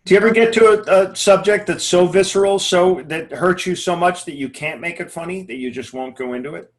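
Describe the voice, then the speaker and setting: A man with a high voice talks in a casual comedy chat. He hesitates and fills his pauses, and his thoughts come out carefully.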